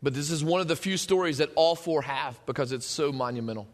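A man preaching a sermon, animated and joking, at times building up to shouting. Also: fairly high pitch, fast talker. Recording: long hall reverb.

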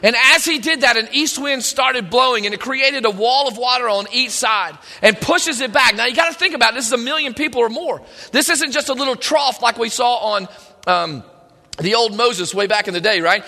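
A man's voice: very high voice, expressive, normal speed, bright, forceful tone. A man preaching a sermon, retelling scripture with emphatic quoted voices, heard in a large room with a long echo. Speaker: pastor.

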